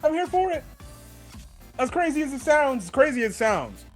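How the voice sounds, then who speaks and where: Animated high-voiced man reviewing anime. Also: normal speed, soft background music. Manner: animated, profane, emphatic. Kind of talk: casual video review.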